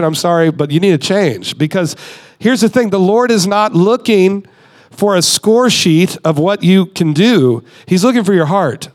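A man in his thirties, a guest speaker giving a conversational, emphatic sermon with his own voice. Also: sits high.

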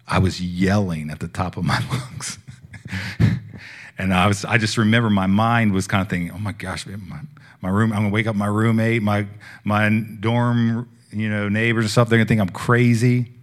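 Young guy preaching, kinda low voice, chatty and heartfelt, goes quiet then loud. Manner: casual and heartfelt, shifting from hushed to loud. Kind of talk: sermon testimony.

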